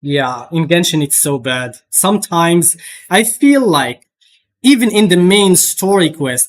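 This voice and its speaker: A man's voice: a little high, lively intonation, unhurried. A young man streaming live, chatting casually and rambling, with lots of restarts and swearing.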